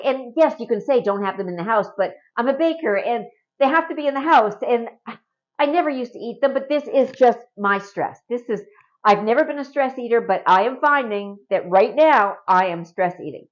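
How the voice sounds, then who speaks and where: A woman's voice: a little high, expressive, normal speed, highs cut off. A middle-aged woman from Canada talking casually and earnestly to camera in a home vlog, often adding a rhetorical "right?". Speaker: vlogger.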